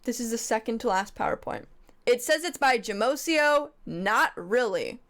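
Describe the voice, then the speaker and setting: A woman on a livestream reads slides aloud and riffs on them, talking in a playful, rambling way. Her voice sits a little on the high side. She keeps sliding into goofy asides. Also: expressive, normal speed, fairly bright tone. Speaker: streamer. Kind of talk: comedic livestream commentary reading slides.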